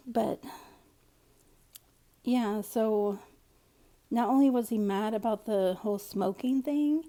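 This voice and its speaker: A woman's voice: fairly high pitch, slow pace, pauses often, warm tone. A woman telling a personal story in a candid, rambling, conversational way. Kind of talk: casual storytime monologue.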